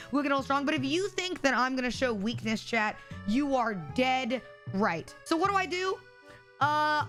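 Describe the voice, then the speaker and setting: A young woman streamer telling an animated storytime, talking straight to her chat. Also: high voice. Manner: animated, addresses chat directly. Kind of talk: storytime vlog.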